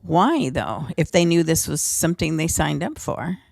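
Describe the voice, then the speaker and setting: A woman's voice: deep voice, very animated, normal speed, gravelly, a little mellow, no room sound, clean studio sound. A woman, the host's mother, chatting casually and asking brief, curious questions. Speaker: podcast co-host, the host's mother. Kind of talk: casual chat.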